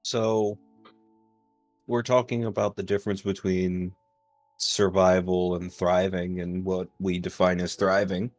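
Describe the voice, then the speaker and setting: Man, game master, lowish voice, casual with swearing, dry sound. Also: flat delivery, unhurried, darkish tone, no echo, faint music behind. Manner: casual, swearing, self-deprecating. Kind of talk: casual chat.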